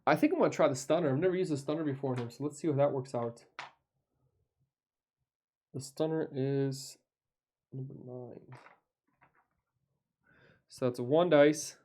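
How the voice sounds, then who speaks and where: A man's voice: mid-range voice, normal speed, pauses often, a little mellow. A man playing a tabletop board game, counting dice aloud and coaching his partner through the rules in casual chat.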